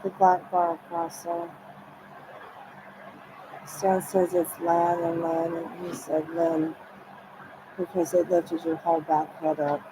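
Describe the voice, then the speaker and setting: A woman's voice: on the low side, level tone, takes it slowly, pauses often. A woman talking in a rambling, repetitive way, often relaying what others said to her. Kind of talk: rambling personal monologue. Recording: noisy ambient recording.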